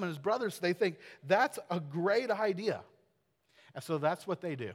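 A male pastor preaching in a casual, animated storytelling way, full of fillers and asides. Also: high voice, normal speed, big-room sound. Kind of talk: sermon.

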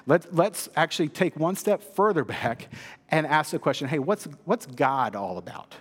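A male pastor giving a sermon in a church, telling stories with lively humor. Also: fairly high pitch, moderate pace, husky. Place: church sanctuary. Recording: long hall reverb.

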